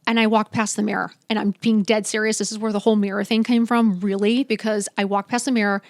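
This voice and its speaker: A woman's voice: mid-range voice, little pitch movement, fast, no room sound, studio quality. A woman in her fifties, a podcast guest, telling her story candidly and bluntly, swearing freely and acting out what people said. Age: 50s. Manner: blunt, emphatic, swears freely, acts out dialogue.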